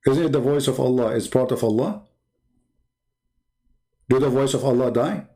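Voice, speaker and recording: A man's voice: mid-range voice, normal speed, mellow. A man with an Arabic accent hosting a live online debate, mocking his opponents with a string of rhetorical questions. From Arab world. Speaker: debate channel host.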